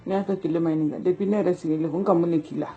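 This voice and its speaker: A man's voice: on the high side, fairly even intonation, warm tone, lo-fi sound, lightly acted. A man acting as an upset family member who argues and complains in a family skit. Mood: aggrieved. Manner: pressing, complaining, rapid argument. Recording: echoey room with music.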